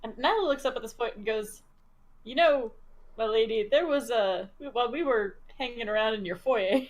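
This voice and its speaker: A woman player in a tabletop game, speaking in a chatty, lively manner with frequent laughter. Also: a little high, normal speed. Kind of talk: tabletop role-play, in character.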